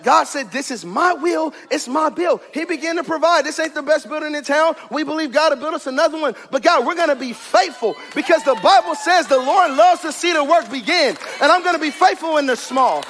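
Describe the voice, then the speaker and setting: A man preaching a sermon as pastor of his church, in a fiery, rhythmic style that builds to shouted climaxes. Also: extremely high pitch, in a large hall. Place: church sanctuary.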